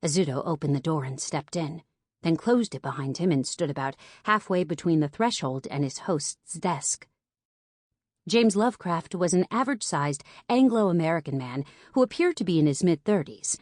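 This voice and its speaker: Low-voiced woman narrating an audiobook. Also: animated, normal speed, darkish tone, dry recording, studio quality. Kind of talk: scripted narration.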